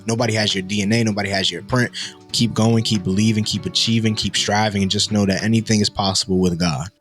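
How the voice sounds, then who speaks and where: A young man in his twenties telling a personal faith story in a lively, animated way, acting out the dialogue. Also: fairly low pitch, fast, over music. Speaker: guest storyteller. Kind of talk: testimony story.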